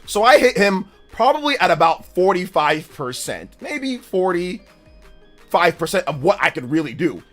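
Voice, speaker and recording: A man's voice: high voice, measured pace, soft background music. A young man hosting a livestream, casually telling a story in slang and acting out the voices of the people in it. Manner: animated, slangy, acts out voices in his story. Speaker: livestream host.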